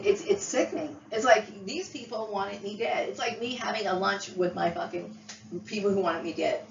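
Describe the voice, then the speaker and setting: A woman's voice: lowish voice, slight background noise. Woman ranting mad at the camera, cussing a lot, echoey far-off dull sound. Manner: profane, agitated, with restarts and rising outbursts. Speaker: vlogger. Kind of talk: angry personal rant to camera. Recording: roomy, distant, dull lo-fi sound.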